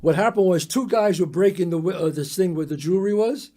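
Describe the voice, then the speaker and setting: An older man from the Bronx, telling a story as a podcast guest in a lively, profane way, acting out the other people's voices. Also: high-pitched, brisk. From the Bronx, New York. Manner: animated, profane, acts out the voices in his story. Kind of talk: casual storytelling.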